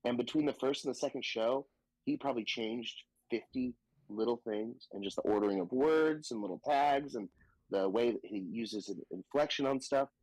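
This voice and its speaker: A man from the Southern United States, a stand-up comedian telling stories in a casual podcast chat, animated and profane, slipping into quoted voices. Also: medium pitch, normal speed, no room sound, poor audio.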